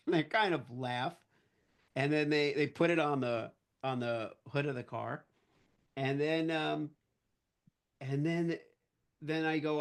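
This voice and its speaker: A man guest on a podcast, telling a casual anecdote in an animated way and acting out the voices of the people in it. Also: on the high side, measured pace, long pauses, clear, resonant tone. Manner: animated storyteller who acts out quoted voices.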